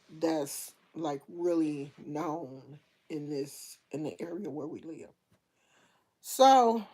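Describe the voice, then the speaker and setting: A woman's voice: low-pitched, warm tone. A middle-aged woman chatting casually to viewers on a livestream, telling stories in loose slangy speech with lots of restarts. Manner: chatty, storytelling, talks to viewers directly. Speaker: livestream host.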